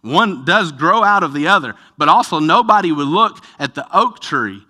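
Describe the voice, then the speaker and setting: A man's voice: on the high side, expressive, moderate pace, bright, forceful tone. A man, a pastor, answering a congregation question in an earnest, emphatic sermon style. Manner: earnest, builds in energy, emphatic repetition. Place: church with live stream.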